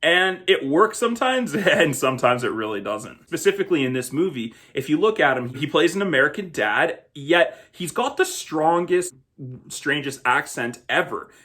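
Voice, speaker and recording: A man's voice: a little high, expressive, moderate pace, a bit bright. Chatty male film reviewer. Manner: chatty, conversational, laughs now and then. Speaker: film reviewer, show host. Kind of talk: casual film review monologue.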